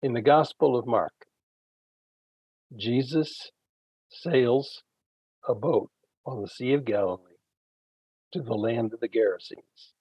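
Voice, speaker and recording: A man, a Bible scholar guest, retelling ancient stories in an unhurried conversational way with frequent fillers. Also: mid-range voice, darkish tone, slightly rough, dry recording, rough recording. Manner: unhurried storytelling, frequent fillers, acts out quoted characters.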